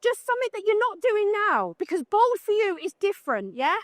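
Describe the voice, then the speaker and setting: High-voiced blunt British woman. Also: big pitch swings, a little fast, dry recording, clean studio sound. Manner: blunt, joking, chatty, asks the audience questions. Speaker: photographer giving a talk. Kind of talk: live conference talk. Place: conference talk room at a trade show.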